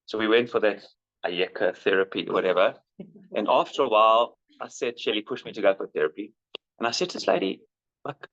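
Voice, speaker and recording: A man's voice: mid-range voice, lively intonation, a little fast, fairly bright tone. A middle-aged man, telling stories about his son in a candid way and livening up when he quotes people. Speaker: father recounting his son. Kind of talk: conversational storytelling. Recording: muffled lo-fi recording.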